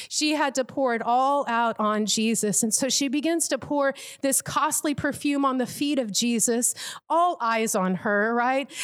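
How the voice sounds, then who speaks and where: A woman with a fairly high voice preaches a sermon. She tells the story vividly, slipping into imagined quotes from the people in the scene.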